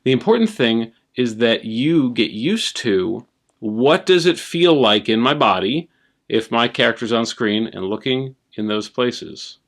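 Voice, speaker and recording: A man's voice: medium pitch, expressive, unhurried. A man hosting a puppetry tutorial, explaining technique in an encouraging, conversational way. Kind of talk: casual instructional talk.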